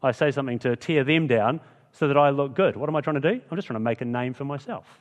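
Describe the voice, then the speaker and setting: A man's voice: medium pitch, fast talker, long reverb tail. A man preaching a sermon in a chatty, conversational way, often asking the listeners rhetorical questions. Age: adult with school-age kids.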